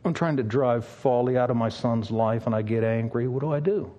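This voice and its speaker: An older man, a pastor, preaching an earnest sermon with long pauses and a pleading tone. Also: mid-range voice, warm tone.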